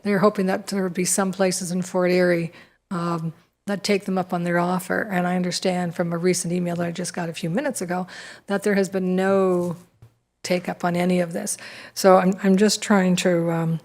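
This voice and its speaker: Low-voiced woman councillor, hesitant. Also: flat delivery, moderate pace, darkish tone. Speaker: town councillor. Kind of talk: council meeting remarks.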